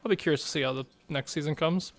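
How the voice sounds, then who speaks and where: Podcast co-host dude, kinda high voice, rambly and laughy. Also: male voice, racing. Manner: rambling, animated, laughs often. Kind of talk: casual chat.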